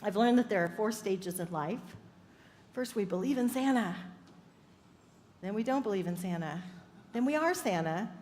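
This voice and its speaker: A woman's voice: medium pitch, animated, moderate pace, long pauses, a little mellow. A woman minister giving an upbeat sermon, telling stories and laughing often. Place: church sanctuary. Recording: echoey hall with faint ambience.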